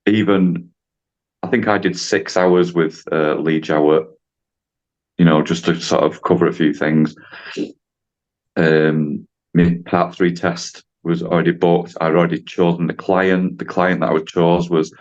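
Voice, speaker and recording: Brief: man, low voice, chatty podcast guest, slightly muffled audio. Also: darkish tone. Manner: chatty, rambling, acts out dialogue with voices. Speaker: driving instructor guest. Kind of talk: casual podcast storytelling.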